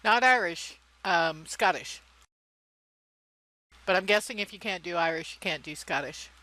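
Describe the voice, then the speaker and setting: A woman's voice: on the low side, unhurried, sharp tone, rough recording. A woman chatting casually as a player in a tabletop game, in a wry, chatty way. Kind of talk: casual chat around a game.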